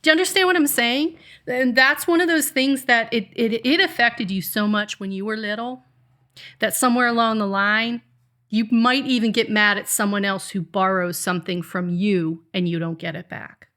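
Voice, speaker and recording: A woman's voice: fairly high pitch, steady tone, normal speed, fairly bright tone. A middle-aged mother co-hosting a podcast, giving emphatic life advice in a lecturing tone. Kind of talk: casual podcast chat.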